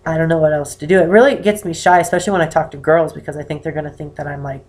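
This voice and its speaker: High-voiced eighteen-year-old guy vlogging. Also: steady tone, racing, a little mellow. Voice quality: naturally high-pitched voice for a man. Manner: rambling, self-conscious, many fillers. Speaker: vlogger answering a viewer question. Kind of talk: casual chat to camera.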